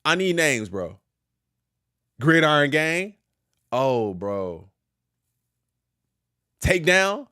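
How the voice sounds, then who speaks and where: A young man hosting a live reaction stream, talking in a high voice that swings wildly up and down. He speaks casual and slangy, breaking into loud, excited outbursts between quick asides to his chat. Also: clear, resonant tone. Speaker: hip-hop news reaction streamer. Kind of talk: casual live-stream reaction, reading a legal filing aloud.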